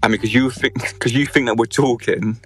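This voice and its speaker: A man's voice: medium pitch, fairly even intonation, moderate pace, husky, soft background music. A young man hosting a podcast, telling a rowdy story with constant swearing and laughter. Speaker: podcast host. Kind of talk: casual storytelling chat.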